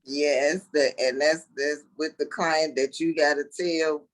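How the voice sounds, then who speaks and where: A woman's voice: deep voice, fairly even intonation, measured pace, few pauses, rough recording. Candid, easy-laughing real estate agent woman. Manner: candid, laughs easily, explains plainly. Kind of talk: casual interview chat.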